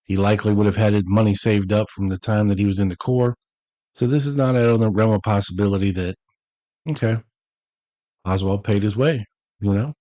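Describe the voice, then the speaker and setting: Low-voiced man reading and riffing. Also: no room sound, poor audio. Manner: relaxed, chatty asides, drawn-out emphasis. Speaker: podcast host. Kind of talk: reading a statement aloud with casual commentary.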